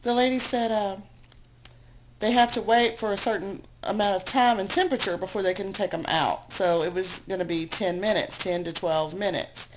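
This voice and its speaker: A woman at home, worn out and low after a long cry, venting to a camera she aims at herself in a rambling, self-deprecating, exasperated way. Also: moderate pace, slight background noise, low-quality recording. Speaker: video blogger. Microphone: handheld camera she aims at herself.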